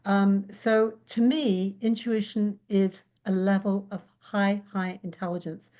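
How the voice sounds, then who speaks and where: A woman from England, a psychic guest in a casual interview, who tells lively stories and acts out the voices she quotes. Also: mid-range voice, slow pace, highs cut off. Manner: animated storyteller, acts out quotes.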